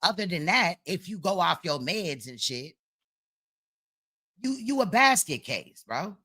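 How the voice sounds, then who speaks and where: Woman streamer, sharp bright tone, profane and blunt, reacting live to a clip. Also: lowish voice, very animated, measured pace, breathy edge. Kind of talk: casual reaction commentary.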